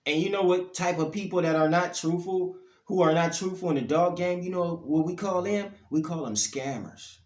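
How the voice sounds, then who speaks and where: Blunt aave-guy ranting on camera, kinda high voice, echoey room. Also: moderate pace. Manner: blunt, profane, heated, pitch and loudness swinging up and down. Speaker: dog breeder vlogger.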